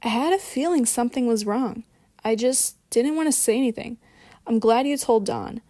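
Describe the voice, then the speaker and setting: A woman reading the part of a caring, concerned female friend with a soft, sympathetic delivery. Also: fairly high pitch, animated, normal speed, no echo, studio quality, natural voice.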